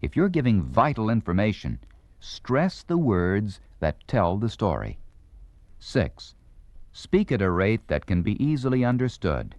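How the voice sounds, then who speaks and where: A man giving scripted instructional narration in a clear, deliberate, carefully enunciated manner. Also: fairly low pitch, wildly swooping pitch, no room sound. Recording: dull lo-fi 1970s vinyl record.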